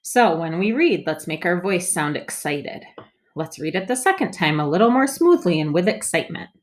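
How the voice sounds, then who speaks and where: A woman teacher leading a phonics lesson for young children, sounding out words slowly and patiently and prompting the listener to read along. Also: lowish voice, sing-song. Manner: slow, clearly sounded-out reading with patient prompts.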